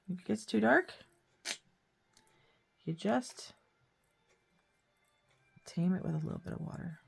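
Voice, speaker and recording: A woman with a cold and a hoarse throat, chatting casually while she shows a painting craft. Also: lowish voice, darkish tone. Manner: chatty, rambling, self-deprecating. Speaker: craft vlogger. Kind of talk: casual painting tutorial chat.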